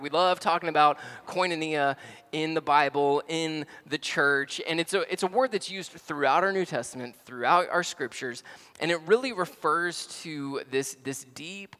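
A man's voice: fairly high pitch, sharp tone. A male pastor, preaching a sermon in a casual storytelling way.

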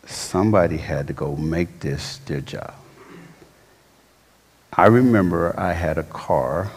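A male pastor telling a personal story in a sermon, casual and animated, full of slangy asides. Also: a bass voice, husky, big-room sound.

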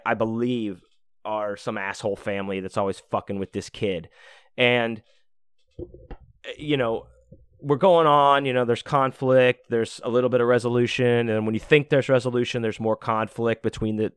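A man's voice: mid-range voice, clear, resonant tone, no room sound, studio quality. A man hosting a podcast, telling a heartfelt story in a rambling, casual way, with many fillers, restarts and casual swearing. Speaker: podcast host.

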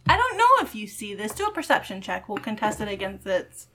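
A woman narrating as game master of a tabletop game, giving rulings in an animated way with quick restarts. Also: mid-range voice, noisy background.

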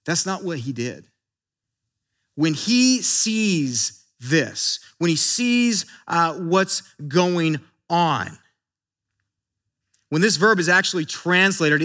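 A man's voice: sits high, sharp tone. A man preaching a sermon in an earnest way, often repeating words as he builds emphasis. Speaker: pastor.

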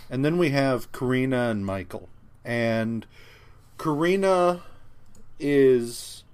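A man's voice: mid-range voice, clear, resonant tone. A man co-hosting a podcast, recapping comic books in casual chat, rambling with lots of fillers, restarts and swearing. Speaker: podcast co-host.

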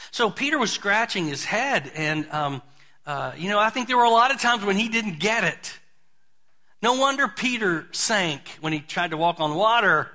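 Male pastor, high bright voice, folksy conversational sermon delivery. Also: animated, moderate pace. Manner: folksy, conversational preaching with lots of repetition.

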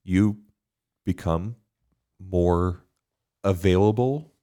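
A man, a priest co-hosting a podcast, talking in a relaxed, thoughtful way with frequent fillers and easy laughs. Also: sits low, extremely slow, smooth. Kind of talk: casual faith podcast chat.

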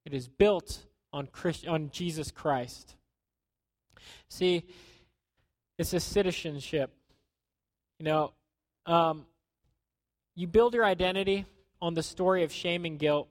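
A man preaching a sermon in a conversational way, acting out quotes and dropping to a hushed tone at times. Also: on the high side, takes it slowly, pauses often, dry recording. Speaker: pastor.

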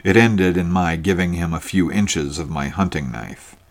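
Grim secretive hunter, man doing the voice, deep, slow and deliberate, storybook reading. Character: grim middle-aged male hunter, secretive.

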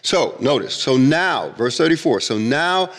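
Male Bible teacher, emphatic, animated delivery, reverberant room. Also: medium pitch. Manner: emphatic, repeats himself, reads scripture slowly.

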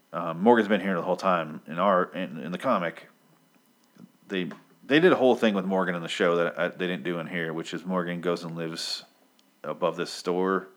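Young man, very low voice, casual profane comic recap, rambling and opinionated.

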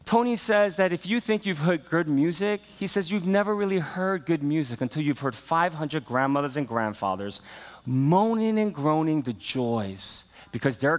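A man preaching a sermon, telling a story in a conversational way, with many fillers and questions to the congregation. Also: medium pitch. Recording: reverberant hall sound.

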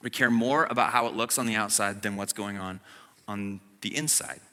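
A man's voice: on the low side, moderate pace, sharp tone. A man preaching a sermon as pastor, casual and humorous, with many fillers and asides, recorded in a church. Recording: long church reverb.

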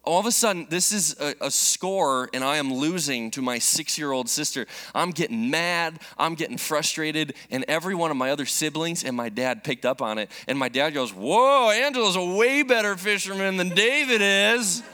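Bright-voiced pastor telling a story. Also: male voice, on the high side, normal speed, hardly any pauses. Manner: storytelling, animated and jokey. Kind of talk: sermon.

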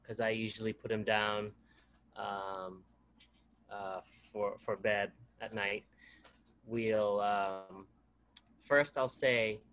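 A man's voice: fairly low pitch, fairly even intonation, a bit bright. Hesitant young father sharing. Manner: hesitant, halting with many pauses. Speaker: congregation member sharing. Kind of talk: personal testimony.

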